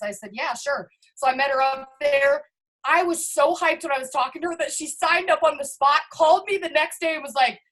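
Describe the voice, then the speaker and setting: A bright, high-voiced woman heading a network marketing team talks fast in an all-in pep talk over a video call. She's emphatic and hyped, constantly addressing her listeners directly, and the audio is poor.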